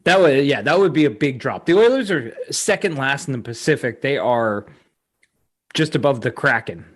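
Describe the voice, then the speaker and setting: A man's voice: mid-range voice, animated. A man co-hosting a podcast, chatting casually, reciting stats and mocking others. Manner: quick to quote and mock others, reciting stats. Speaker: podcast co-host. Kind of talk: casual sports chat.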